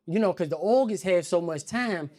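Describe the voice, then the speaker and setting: Lively man doing stand-up. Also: high voice, normal speed. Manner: animated, addresses the audience as y'all. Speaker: stand-up comedian. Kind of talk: stand-up comedy storytelling. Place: live comedy stage.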